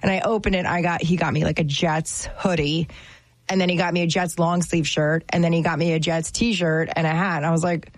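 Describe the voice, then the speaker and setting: A chatty woman from New Jersey with a fairly low voice tells a story in a casual chat. Her talk is animated and full of fillers. The sound is close and dry, with no room around it. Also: fairly quick, no echo.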